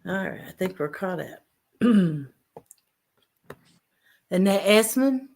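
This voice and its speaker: A woman's voice: medium pitch, expressive, slow pace, a little mellow. A woman hosting a casual fishing livestream, reading out chat names and greeting viewers. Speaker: livestream host.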